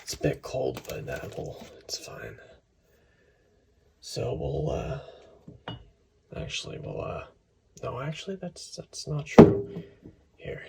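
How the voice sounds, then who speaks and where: Here the same kind of home-kitchen cooking host sounds creaky and sits on the high side. His casual cooking ASMR chat rambles along, full of self-corrections and the occasional slip into a whisper.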